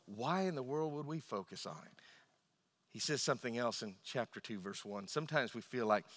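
Bright-voiced preacher in a reverberant hall. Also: male voice, medium pitch. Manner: emphatic preaching, voice rising and dropping, acts out quoted voices. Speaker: pastor. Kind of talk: sermon.

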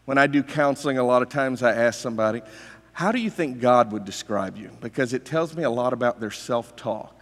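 A man's voice: mid-range voice, a bit bright, big-room sound. A male pastor preaching a sermon in a conversational, emphatic way, telling stories and asking rhetorical questions.

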